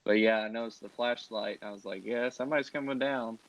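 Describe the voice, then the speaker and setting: Gravelly laid-back male co-host. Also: mid-range voice, steady tone, fast talker, dry recording. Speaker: podcast co-host. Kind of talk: casual chat. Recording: dull lo-fi mic.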